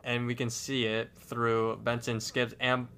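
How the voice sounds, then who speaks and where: A man's voice: medium pitch, completely flat delivery, measured pace, bright, forceful tone, clean tone. A man co-hosting a casual podcast from home, narrating cartoon scenes and often stumbling over his words. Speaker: podcast co-host.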